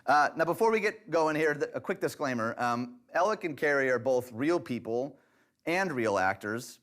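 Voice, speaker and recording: A man leading a church relationship class, speaking in a direct, conversational and lightly humorous way. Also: mid-range voice. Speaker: pastor teaching a relationship class. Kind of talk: church teaching video.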